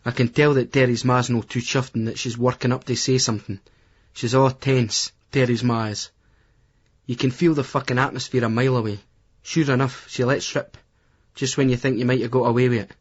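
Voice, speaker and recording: A Scottish man tells the story in a blunt, crude, chatty first-person voice at a middle pitch. The audiobook recording sounds dull and lo-fi. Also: steady tone, fairly quick. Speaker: audiobook narrator. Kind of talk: first-person novel narration.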